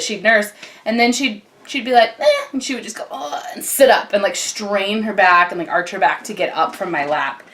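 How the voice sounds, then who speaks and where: At home, a young mother who vlogs chats casually to a camcorder set on a tripod, her medium-pitched voice fairly bright. She fills her talk with ums and likes and breaks off now and then to speak to her baby.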